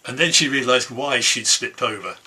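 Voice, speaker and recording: A man's voice: mid-range voice, normal speed, sharp tone, slightly rough. A man telling a traditional folk tale in an easygoing, conversational way, from an online concert. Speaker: storyteller.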